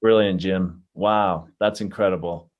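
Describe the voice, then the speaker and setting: Male interview host, lower register, effusive wrap-up thanks, remote call. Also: steady tone, measured pace, narrow, tinny audio. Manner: enthusiastic, brief affirmations.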